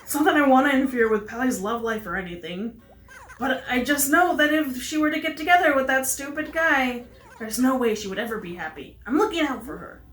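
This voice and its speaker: A woman's voice: sits high, lively intonation, a little fast, a bit bright, reverberant, soft background music. A woman voicing a fierce, grumpy older-sister pelican who snaps in exasperation. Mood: protective. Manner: snappy and exasperated.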